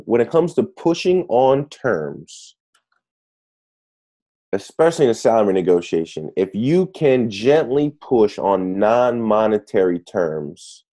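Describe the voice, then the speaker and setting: A man being interviewed as an author, talking in a lively way and often restarting his phrases. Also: lowish voice. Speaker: guest author. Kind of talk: conversational interview.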